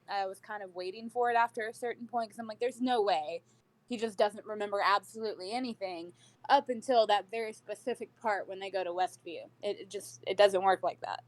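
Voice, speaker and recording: A woman's voice: medium pitch, a little fast, hardly any pauses, no room sound. Woman reasoning through a theory, dry sound. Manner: reasoned, explains her theory step by step. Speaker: podcast guest. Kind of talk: casual chat.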